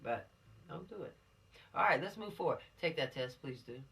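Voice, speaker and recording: A woman's voice: deep voice, lively intonation, moderate pace, creaky, fairly bright tone, far from the mic. A woman, a police officer giving teens an informal law lesson in a folksy, admonishing, preachy way.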